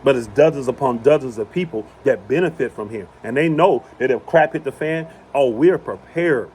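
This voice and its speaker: A man's voice: medium pitch, normal speed, darkish tone, slight background noise. A man giving an impassioned religious talk outdoors on his property, hammering points home by repeating them. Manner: emphatic, repeats phrases for emphasis. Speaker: preacher.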